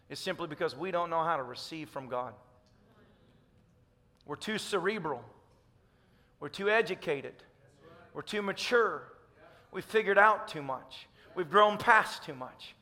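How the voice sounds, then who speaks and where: A man's voice: sits high, bright, forceful tone, in a large hall. A man from Tennessee with a Southern accent, preaching a fervent, emphatic sermon as pastor. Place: church sanctuary.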